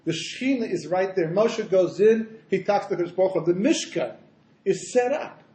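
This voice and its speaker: A man rabbi giving a Torah lecture in an animated storytelling way, full of asides. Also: high-pitched, moderate pace. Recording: roomy echo.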